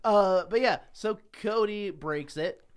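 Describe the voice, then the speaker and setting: A man's voice: high voice, slow, clear, resonant tone. A man in casual podcast chat, recapping events steadily with frequent "um"s.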